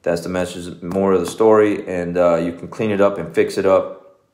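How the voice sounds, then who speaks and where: A man's voice: sits low, flat delivery, normal speed, a little mellow. A man in his forties, a jiu-jitsu coach, giving a loose and conversational motivational talk with plenty of "man" and "you know.". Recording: echoey room.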